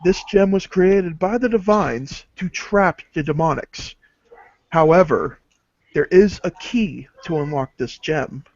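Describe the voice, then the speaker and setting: Grave spirit herald of the gods, higher-pitched male voice, dry muffled sound, a game master puts him on. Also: slow, a little mellow, no echo. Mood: solemn. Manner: grave, portentous pronouncements. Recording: dull lo-fi dry recording.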